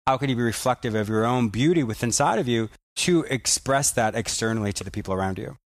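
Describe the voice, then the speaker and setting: A man's voice: mid-range voice, fast talker, dry recording. A man hosting a conversation, thinking aloud through his points with frequent restarts. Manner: reflective, explains in searching restarts. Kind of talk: conversational interview.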